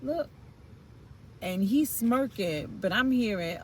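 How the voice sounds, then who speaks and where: A woman talks through a tarot spread in a loose, conversational way. She is blunt and slangy and swears now and then. Her voice sits at an ordinary middle pitch. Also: unhurried, darkish tone, a little hiss or hum, poor audio. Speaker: tarot reader. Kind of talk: casual tarot reading chat.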